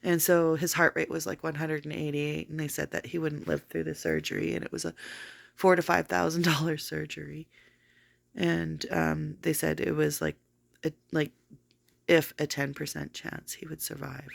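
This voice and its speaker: A woman's voice: deep voice, level tone, normal speed, gravelly. A woman telling a long personal story in a casual vlog, rambling with many fillers. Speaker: vlogger.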